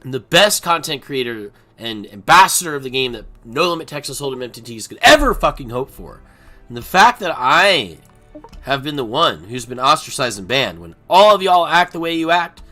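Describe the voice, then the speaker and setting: A man streaming poker and ranting unscripted, profane, swinging between mutters and shouting. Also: mid-range voice, very animated, normal speed, soft background music. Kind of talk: unscripted rant while playing online poker.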